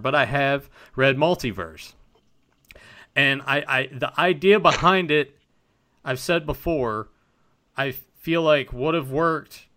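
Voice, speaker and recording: A man with a bright, forward voice hosts a casual fan podcast. He talks in an animated way and swears casually as he puts questions to the chat. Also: mid-range voice, clean tone. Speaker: podcast host.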